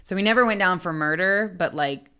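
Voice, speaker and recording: Low-voiced woman, blunt podcast co-host. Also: fairly quick, pushed and bright, smooth. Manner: blunt, swears freely, laughs often. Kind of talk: casual true-crime chat.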